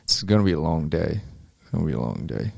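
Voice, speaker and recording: A man's voice: a bass voice, very animated, fast, creaky, darkish tone, breathy edge, dry recording, studio quality. A man, a boxer, chatting in a laid-back way with many fillers. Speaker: amateur boxer guest. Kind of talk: casual interview chat.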